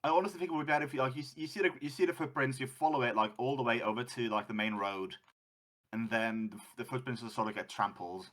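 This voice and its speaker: A man's voice: mid-range voice, quick pace, fairly bright tone. A man running a tabletop game as game master, talking in a rambling way and often restarting his sentences. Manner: rambling, self-interrupting.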